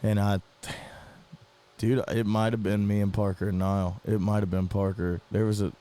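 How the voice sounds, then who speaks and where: Low-voiced laid-back podcast co-host. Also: male voice, little pitch movement, moderate pace, mellow. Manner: laid-back, slangy storyteller. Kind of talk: casual chat.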